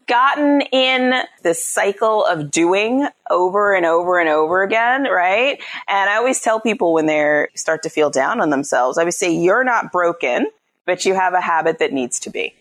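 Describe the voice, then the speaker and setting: In a relaxed interview, a female psychologist and parenting coach explains her thinking, frequently adding "right?" to confirm she's being followed. Her voice is fairly low with a slight brightness.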